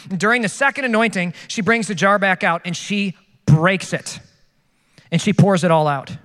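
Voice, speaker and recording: A man's voice: high voice, normal speed, a bit bright, in a large hall. A male pastor preaching a sermon in an earnest, conversational way, often asking rhetorical questions.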